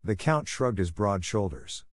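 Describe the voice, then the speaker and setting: A man narrates an audiobook in a measured, even manner, his voice sitting fairly low. The recording is close and very dry, with no room sound at all. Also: no room sound.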